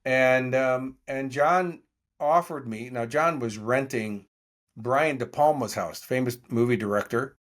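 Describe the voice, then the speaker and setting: In an unhurried, mid-range voice, a man in his sixties tells stories as a podcast interview guest. He is an animated storyteller who acts out the lines of the people he describes.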